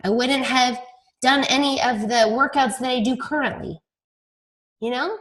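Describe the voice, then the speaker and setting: Woman, team leader, casual storytelling on a group call, self-deprecating, fairly high voice. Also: steady tone, normal speed, a bit bright.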